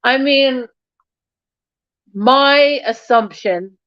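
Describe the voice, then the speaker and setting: A woman's voice: sits high, extremely slow, fairly bright tone, no echo, lo-fi sound. A woman vlogging in a loose, rambling casual chat. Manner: chatty, rambling, talks to her cat between thoughts.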